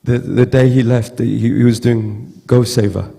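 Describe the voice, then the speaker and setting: A man giving a halting, heartfelt storytelling tribute at a memorial gathering, often repeating words. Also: mid-range voice, fairly even intonation, warm tone, long reverb tail. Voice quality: gravelly. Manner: halting, repeats words, acts out quoted voices. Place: temple hall with long reverb.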